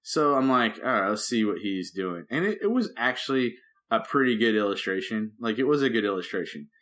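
A man who is a pastor and podcast co-host, talking casually in rambling, animated bursts full of restarts. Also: on the low side, fairly quick. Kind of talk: casual chat.

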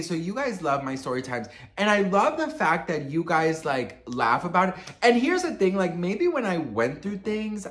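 A man's voice: sits high, a bit bright. A man giving a casual celebrity gossip vlog, sassy and dramatic, swearing often and rambling as he tells his story. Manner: rambling, loses his train of thought.

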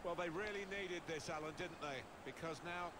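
Male actor as a measured in-game football caller, slightly high voice, noisy mix. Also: close to an everyday voice. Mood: calm. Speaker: in-game match commentator. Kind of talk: scripted football commentary.

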